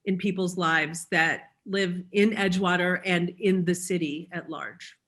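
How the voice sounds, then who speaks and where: A woman's voice: lowish voice, steady tone, a little slow, fairly bright tone. Earnest woman searching for words. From Chicago. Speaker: school owner, panelist. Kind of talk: panel discussion.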